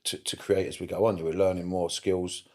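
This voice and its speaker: Animated, swearing man, low voice. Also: moderate pace. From United Kingdom. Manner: animated, swears often, repeats himself for emphasis. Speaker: therapist guest. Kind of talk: casual podcast interview.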